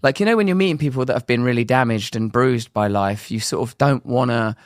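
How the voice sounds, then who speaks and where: A man's voice: mid-range voice, fast, no echo. An English man in his forties tells candid stories about recovery and faith in a rambling way. His voice sits in the middle range. The recording is dry and close. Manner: rambling, animated, acts out quoted voices. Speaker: guest.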